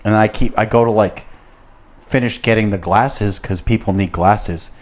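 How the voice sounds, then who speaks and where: A young man with a slightly low voice tells a workplace story on a podcast. He rambles and swears a lot, piling on fillers and asides. He gets heated as the story builds. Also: moderate pace. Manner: profane and rambling, gets worked up. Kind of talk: casual storytelling.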